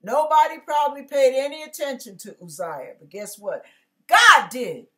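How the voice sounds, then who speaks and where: A woman's voice: high voice, sing-song, normal speed, pushed and bright. A woman pastor giving a casual, conversational sermon, acting out biblical characters and dropping slangy asides.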